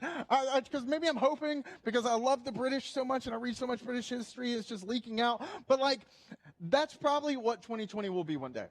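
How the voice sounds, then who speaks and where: High-voiced man preaching a lively sermon. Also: quick pace. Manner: animated, humorous, with playful asides. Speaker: pastor. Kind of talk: conversational sermon.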